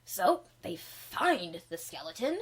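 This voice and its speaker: A woman's voice: lowish voice, sing-song, slow. A woman playing a laid-back male troll clown, recapping a film in slangy, profane rambling. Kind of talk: in-character comedy recap.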